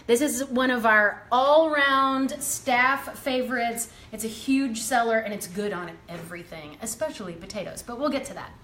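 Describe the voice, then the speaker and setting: A woman's voice: a little high, normal speed, hardly any pauses, fairly bright tone. A young woman hosting a live cooking demonstration in a home kitchen, upbeat and chatty with frequent ums. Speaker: cooking demo host. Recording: roomy kitchen echo, faint ambience.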